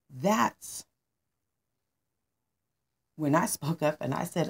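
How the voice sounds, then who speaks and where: A woman's voice: deep voice, lively intonation, drawn-out words, creaky, pauses often, slightly rough. A woman telling a personal story in a rambling way, with restarts and fillers.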